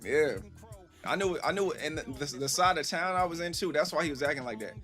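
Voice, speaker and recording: A man telling a story casually to his live stream chat, animated and rambling, acting out the voices he quotes. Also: fairly high pitch, brisk, faint music behind.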